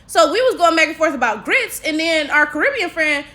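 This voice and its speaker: A woman's voice: high voice, lively intonation, brisk, pushed and bright. A woman with an African American English accent, giving casual opinion commentary in a chatty, sassy way, with frequent tag questions. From United States. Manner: chatty, sassy, full of tags like "right?". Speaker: commentary vlogger.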